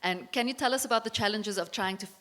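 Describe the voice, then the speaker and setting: A woman leads a live book festival discussion as moderator. Her voice sits at a middle pitch, and she asks her questions in a calm, measured way. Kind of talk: festival panel interview. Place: live event stage.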